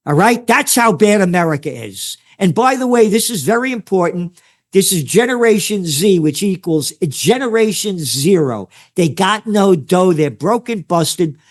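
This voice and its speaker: An older man from the Bronx with a New York accent, a trend forecaster ranting sarcastically and crudely as an interview guest. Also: sits high. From New York City (the Bronx). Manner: sarcastic, crude, mocking asides. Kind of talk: heated interview rant.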